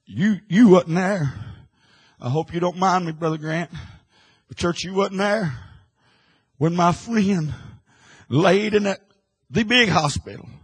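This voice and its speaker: A man preaching an impassioned sermon, swinging from hushed, quiet lines to loud, shouted ones. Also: high voice, slow, breathy edge, poor audio.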